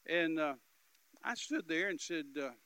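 A man's voice: on the high side, animated, measured pace, clean tone, no echo, poor audio. Emphatic man telling a gripping testimony. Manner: emphatic, repetitive, loud bursts. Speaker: minister giving testimony. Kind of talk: animated storytelling testimony.

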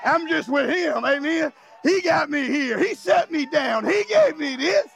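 A male pastor preaching a fiery revival sermon, often shouting with emotional cries and joking with the congregation in casual, informal grammar. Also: very high voice, sing-song, a little slow, vocal fry. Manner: jokes and laughs with the congregation.

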